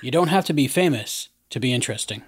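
A man's voice: medium pitch, animated, fast, slightly rough. A man hosting an interview podcast, asking friendly, upbeat questions. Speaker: podcast host. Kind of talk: casual interview.

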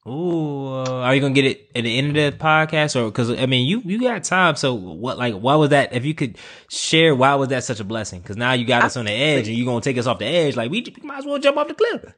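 A man's voice: medium pitch, expressive, fairly quick, few pauses, a bit bright. A man hosting a podcast interview in a playful, easy-laughing casual way. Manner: playful, laughs easily, loose casual phrasing. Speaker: podcast host.

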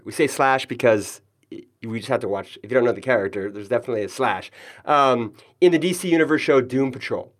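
A man hosting a podcast interview, friendly and jokey, with self-deprecating asides. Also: medium pitch. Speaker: podcast host. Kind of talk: casual interview chat.

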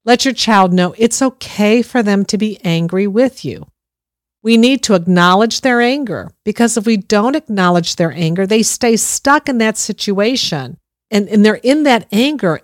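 A woman's voice: mid-range voice, animated, moderate pace, no room sound, studio quality. A middle-aged woman gives parenting advice in an earnest, reassuring way, speaking straight to the listener. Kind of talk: instructive parenting talk.

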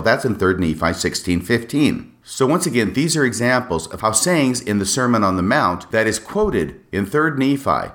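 A man hosting a solo podcast, explaining scripture passages in a measured way with wry asides. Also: lowish voice, big pitch swings, fairly bright tone. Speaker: podcast host.

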